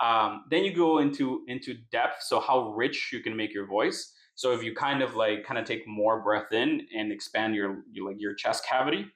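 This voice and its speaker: A man's voice: on the low side, normal speed, hardly any pauses, a bit bright. Chatty man with an echoey room sound. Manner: explains with many "right?" tags. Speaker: podcast co-host. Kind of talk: casual chat.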